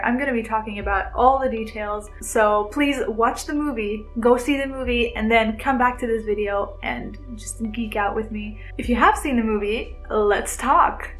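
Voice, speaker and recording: A woman's voice: on the high side, moderate pace, few pauses, fairly bright tone, soft background music, rough recording. A woman vlogger chatting to camera about a film she loves, gushing and giggly, rambling with restarts. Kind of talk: casual chat to camera.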